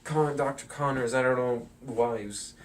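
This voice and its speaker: A man's voice: medium pitch, fairly even intonation, normal speed. Rambling male vlogger, distant mic. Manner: rambling, filler-heavy, chuckles while talking. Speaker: film commentary vlogger. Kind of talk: casual movie analysis. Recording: distant mic with faint noise.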